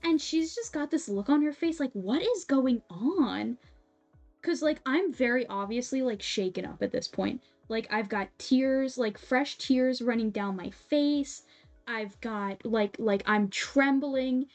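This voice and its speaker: A young woman streamer casually telling a story while sewing, animated and laughing often, with many fillers. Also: high voice, unhurried. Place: home streaming setup. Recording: soft music behind.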